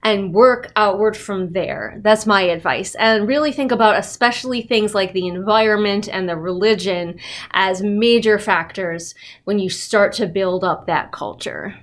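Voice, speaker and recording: A woman's voice: medium pitch, moderate pace, fairly bright tone. A woman hosting a writing-tips channel, talking casually to camera with lots of "like" and rhetorical questions. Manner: chatty, filler "like", rhetorical questions. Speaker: writing tips channel host and developmental editor. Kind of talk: casual tutorial talk to camera.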